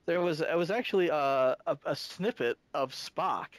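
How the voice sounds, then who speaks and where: A man co-hosting a casual fan discussion podcast, talking in halting bursts full of restarts and fillers. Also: fairly high pitch, dry recording. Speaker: podcast co-host.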